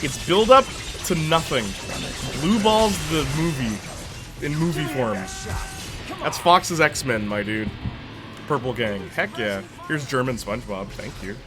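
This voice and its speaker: A man's voice: on the high side, very animated, slow, music in the background. A young man chatting casually as a streamer while reacting to a movie, rambling and slangy, laughing often.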